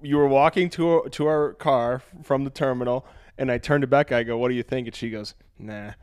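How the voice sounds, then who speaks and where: A man co-hosting a podcast in casual chat, animated, laughing often and swearing freely. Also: mid-range voice, a little fast, clean tone, dry recording, studio quality. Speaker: podcast co-host.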